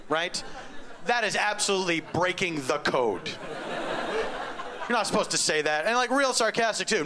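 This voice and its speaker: A middle-aged man telling a stand-up story on stage, wry and deadpan with sudden loud outbursts. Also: high-pitched, a little fast, noisy background. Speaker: stand-up comedian. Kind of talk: stand-up comedy set. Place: comedy club stage before a live audience.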